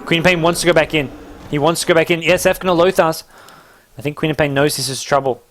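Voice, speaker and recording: A young man with an English accent giving live, joking play-by-play commentary on a video game, his pitch jumping up at big moments. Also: fast talker, a little hiss or hum. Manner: excitable, jokey play-by-play with sudden rises in pitch.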